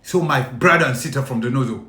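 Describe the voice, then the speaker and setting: Cameroonian man, French his first tongue, pleading direct-to-camera appeal, bright tense tone, echoey room. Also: medium pitch, a little fast. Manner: emphatic and pleading, repeating lines, bursts of shouting. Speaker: video speaker addressing compatriots. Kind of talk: impassioned spoken appeal.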